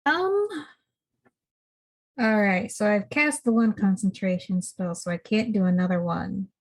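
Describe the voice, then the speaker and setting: A woman's voice: mid-range voice, a little slow. A woman playing a tabletop game, deliberating over which move to make. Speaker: player.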